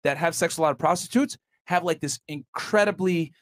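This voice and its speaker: A man's voice: fairly high pitch, a little fast. A man hosting a podcast, talking casually and making his points with restarts and filler words. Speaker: podcast host. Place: podcast studio.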